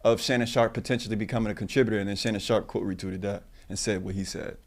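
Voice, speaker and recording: Sports podcast co-host, male, rapid delivery, chatty. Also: lowish voice, fairly even intonation. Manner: quick, chatty, easily amused. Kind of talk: casual sports talk.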